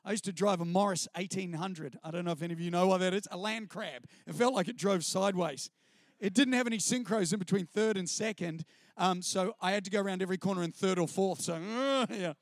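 A middle-aged man from New Zealand with a New Zealand accent, speaking as a guest on a church stage and sharing his testimony in an animated, self-deprecating, chatty way. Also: high-pitched, a little fast, dry recording, clean studio sound. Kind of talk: personal testimony storytelling to a live audience. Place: stage before a live audience.

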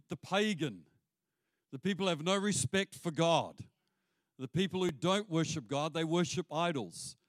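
This man preaches as a pastor, animated throughout and voicing the people he quotes. His pitch is on the high side, with no room sound in the recording.

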